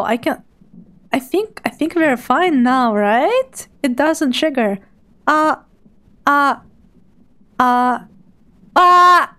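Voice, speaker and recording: A high-voiced woman chats casually with her live-stream viewers, bubbly and quick to giggle. She sounds nervously excited as she talks into her streaming microphone.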